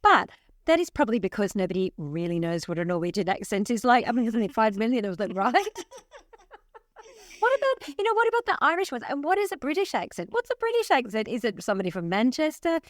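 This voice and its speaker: A woman co-hosting a travel podcast, chatty and animated, laughing often. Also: on the high side, fast talker, dry recording, clean studio sound. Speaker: podcast co-host. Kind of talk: casual chat.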